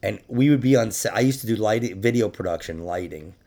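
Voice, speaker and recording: A man hosting a casual podcast, rambling and swearing through his stories and laughing often. His voice is gravelly and full of fry. His pitch jumps around with animated swings. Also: quick pace. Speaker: podcast host. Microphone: podcast microphone.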